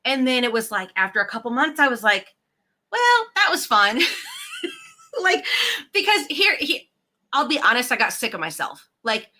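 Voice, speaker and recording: A woman's voice: on the high side, sing-song, brisk, bright, forceful tone. A woman, hosting a casual chat in a bubbly, chatty way full of "like". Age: 40s. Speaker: host.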